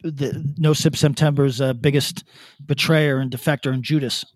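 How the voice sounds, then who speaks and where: A man co-hosting a podcast, animated and profane, laughing often in casual chat. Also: medium pitch, normal speed, no room sound, clean studio sound. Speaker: podcast co-host.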